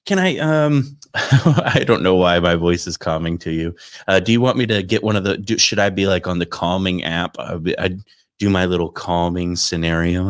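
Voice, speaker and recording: Comedian from Florida, low voice, rambling self-mocking chat with his viewers. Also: moderate pace. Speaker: stand-up comedian. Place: home studio.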